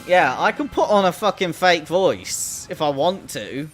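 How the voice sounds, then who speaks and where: This man talks casually over a game stream, cursing without restraint and poking fun at himself. His voice is on the high side and very animated, though his pace stays measured, and he mentions that others find it strange and cartoon-like. Faint music from the game plays underneath.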